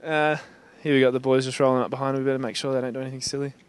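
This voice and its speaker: A man's voice: mid-range voice, level tone, very fast, clear, resonant tone. A young man with an Australian accent asking students casual questions, joking and laughing often. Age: young adult. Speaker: interviewer. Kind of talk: casual street interview.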